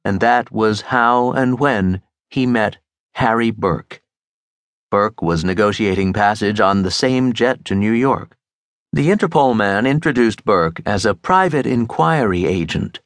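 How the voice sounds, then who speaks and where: A man narrating a mystery audiobook in a crisp, expressive storytelling manner. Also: lowish voice, a little slow, no echo, clean studio sound. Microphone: close studio mic.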